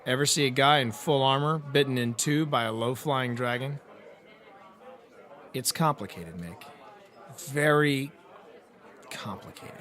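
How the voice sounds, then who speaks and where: A man's voice: mid-range voice, a bit bright. A man narrating a first-person hard-boiled detective audiobook, with a wry storytelling delivery.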